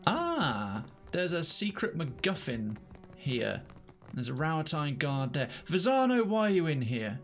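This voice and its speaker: A chatty male game streamer with a voice that sits a little high for a man, talking into a desk mic over faint game music. He trips over his words and starts sentences again, and he jumps and exclaims easily. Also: measured pace. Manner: chatty, excitable, stammers and restarts. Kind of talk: live let's-play commentary.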